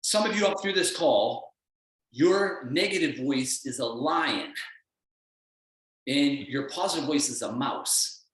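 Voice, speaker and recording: Energetic male coach in an echoey room. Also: medium pitch, slow, recorded from a distance. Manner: blunt, emphatic, energetic pep talk. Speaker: performance coach. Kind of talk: motivational talk on a call.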